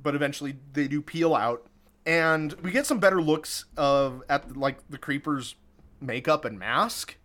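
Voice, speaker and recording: A man's voice: on the high side, fairly bright tone. A man casually recapping a movie on a podcast, chatty and amused, laughing often. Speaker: podcast co-host recapping a film. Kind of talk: casual chat.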